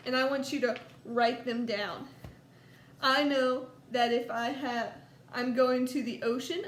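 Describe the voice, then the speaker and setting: Slow, patient high-voiced woman teacher. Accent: Southern US. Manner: slow, patient, coaxing, stretches out words. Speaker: first grade teacher. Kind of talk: recorded distance-learning lesson for young children. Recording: echoey room, faint background noise.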